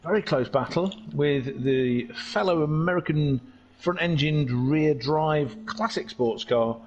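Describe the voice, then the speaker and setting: A man giving casual, jokey commentary on an online car race, chatty and excitable. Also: fairly high pitch, slow, highs cut off. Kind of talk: casual sim racing commentary.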